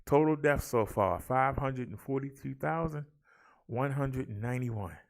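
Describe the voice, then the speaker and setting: Gravelly man calling numbers to viewers. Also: medium pitch, a little slow. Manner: theatrical, rolls his R's, talks to viewers as y'all. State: out of breath. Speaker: vlog host. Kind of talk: casual chat and daily numbers rundown.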